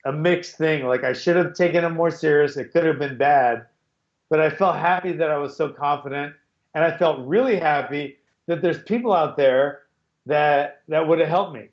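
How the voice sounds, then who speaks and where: Over echoey, dull video-call audio, a middle-aged man hosting a podcast speaks at a moderate pace in a fairly high voice. It's a casual chat in which he rambles through a story, restarting again and again.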